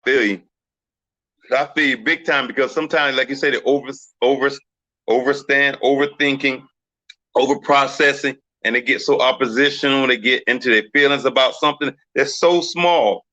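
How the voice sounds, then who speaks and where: A man's voice: mid-range voice, normal speed, sharp tone, no room sound, dull audio. A man hosting a casual discussion, telling stories animatedly and acting out quoted voices. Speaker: podcast host.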